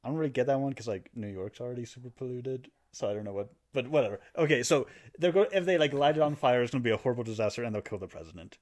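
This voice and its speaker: A man's voice: mid-range voice, racing, hardly any pauses. A man co-hosting a podcast, casually and animatedly retelling a video game story, now and then putting on character voices. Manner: animated storytelling, acting out character lines with laughs. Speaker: podcast co-host explaining a game plot. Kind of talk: casual chat.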